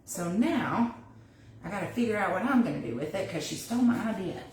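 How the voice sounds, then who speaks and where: A chatty woman hosts a livestream craft demo from her home kitchen, thinking aloud as she works on the project. Her ordinary-pitched voice is animated, a little fast and darkish in tone. The mic sits a few steps away in an echoey room with a faint hiss.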